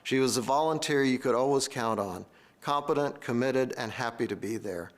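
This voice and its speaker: A man's voice: medium pitch, normal speed. A man reading a formal award presentation at a charity event. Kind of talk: scripted speech.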